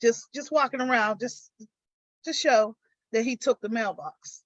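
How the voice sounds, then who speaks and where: A woman's voice: fairly high pitch, a little slow, no room sound. Older woman telling her story, dull dry audio. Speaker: guest. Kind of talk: recounting her story in a live interview.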